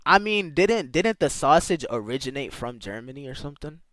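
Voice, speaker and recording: A man's voice: on the high side, animated, fairly quick, fairly bright tone, no echo. A man streaming live, chatting casually with his viewers and playfully sounding out foreign words. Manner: talks to chat with slangy asides.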